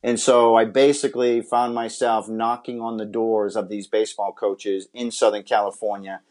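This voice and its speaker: A man's voice: on the low side, little pitch movement, moderate pace, a little mellow. A man from Massachusetts, a podcast guest, telling his life story in an earnest, heartfelt way. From Massachusetts, USA. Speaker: interview guest, former pitcher and scout. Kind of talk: personal storytelling in a podcast interview.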